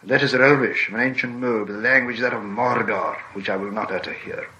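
A man's voice: mid-range voice, quick pace, pushed and bright, a little hiss or hum, lightly acted. A man reading as a grave old wizard. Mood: solemn. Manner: grave, chanting recitation. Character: ancient solemn male wizard. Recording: dull lo-fi audiobook recording.

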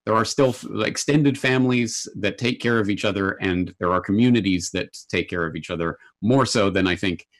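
Low-voiced man explaining economics calmly. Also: fairly quick, few pauses. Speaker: guest commentator. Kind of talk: casual chat. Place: Japan.

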